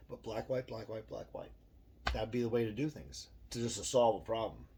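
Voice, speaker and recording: Brief: middle-aged male vlogger, low-pitched, cursing and rambling, faint hiss behind. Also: expressive, moderate pace. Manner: profane, ranting, self-deprecating. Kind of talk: rambling opinion monologue.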